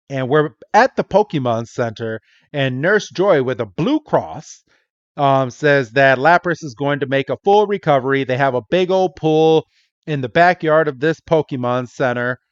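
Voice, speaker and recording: A man co-hosting a podcast, recapping a cartoon episode in casual, animated chat, laughing often and swearing bluntly. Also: mid-range voice, no echo, muffled recording. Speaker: podcast co-host.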